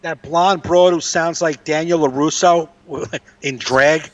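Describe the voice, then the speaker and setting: A man rants with profane, exasperated energy on a casual comedy podcast. His voice sits a bit high and sounds set back from the microphone. The sound is dull and lo-fi. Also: fairly even intonation, slow, fairly bright tone. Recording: distant, dull lo-fi mic.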